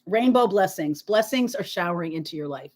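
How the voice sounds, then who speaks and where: Woman, tarot reader, live stream host, sore throat, clears throat often, reassuring, emphatic. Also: lowish voice, expressive, fairly quick, a little mellow. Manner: reassuring, emphatic, peppered with "okay?". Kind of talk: live tarot reading, chatting with viewers.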